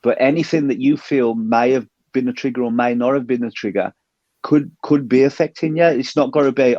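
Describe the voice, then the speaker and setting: A man's voice: mid-range voice, a little fast, darkish tone, dry recording. Reflective man, dull lo-fi sound. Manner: reflective, emotional. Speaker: podcast co-host. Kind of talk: casual chat. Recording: dry, slightly dull lo-fi sound.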